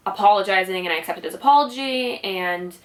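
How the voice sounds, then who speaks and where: A woman's voice: medium pitch, a little fast. A woman vlogger telling a personal story in a casual, rambling way, full of "like" and "you know". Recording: voice slightly distant from mic.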